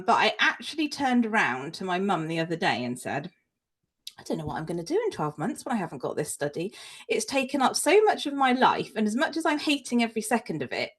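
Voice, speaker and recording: A woman co-hosting a casual podcast, chatty and self-deprecating, laughing easily. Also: medium pitch. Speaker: podcast co-host. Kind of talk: casual chat.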